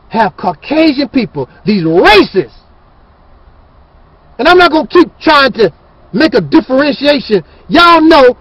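A man's voice: very high-pitched, a bit bright, slightly rough, no room sound, rough recording. A man hosting his channel, ranting in a fiery, preachy and scornful monologue. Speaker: channel host.

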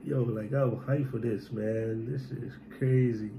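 A man's voice: medium pitch, steady tone, unhurried, background noise. A man, hosting a reaction video with hyped, exclaiming casual commentary. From Guyana. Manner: hyped, exclaiming, shouts of surprise.

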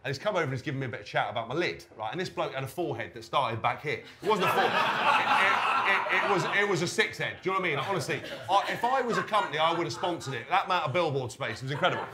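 A man on a live show stage, telling rude, animated stories and acting out the quotes. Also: on the high side, rapid-fire, hardly any pauses, heavy background noise. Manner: animated, swearing, acts out quotes. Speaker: podcast co-host. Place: stage in front of a live audience.

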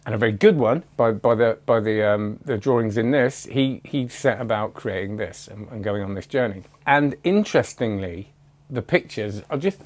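A man reviewing a magic book in a casual, rambling way, often correcting himself and giving his own opinions. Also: medium pitch.

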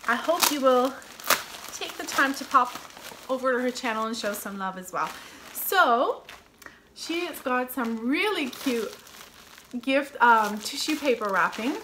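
A woman's voice: fairly high pitch, pushed and bright, slight background noise, poor audio. A woman craft vlogger chatting casually and gushing while opening happy mail. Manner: gushing, effusive, many gasps and oh my goodness. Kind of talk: casual chat while unboxing. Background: crinkling paper and clicks.

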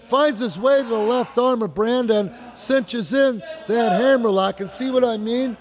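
A man giving excited, folksy play-by-play commentary on a wrestling match, repeating phrases for emphasis. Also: very high-pitched, measured pace, crowd noise. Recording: noisy live recording.

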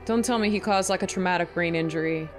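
A woman making casual reaction commentary on a film, chatty and quick to exclaim. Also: lowish voice, faint music behind. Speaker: movie reaction YouTuber.

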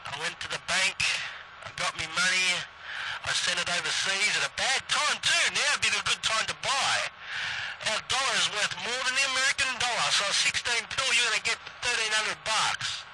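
A man's voice: sits high, moderate pace, sharp tone, slight background noise, low-quality recording. An Australian man chatting on CB radio from a car parked in a country paddock, rambling and swearing casually. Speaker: CB radio operator.

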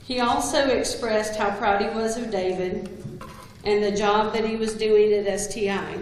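A woman's voice: medium pitch, steady tone, moderate pace, slight background noise. Woman giving a eulogy in an echoey hall. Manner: humorous, anecdotal storytelling. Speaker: eulogy speaker, longtime coworker. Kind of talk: eulogy speech. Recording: very echoey hall with long reverb.

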